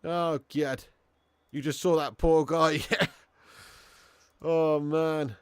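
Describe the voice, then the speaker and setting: A man hosting a live football watch-along stream, chatting with viewers, swearing and getting excitable. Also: fairly high pitch, takes it slowly, smooth, dry recording, studio quality.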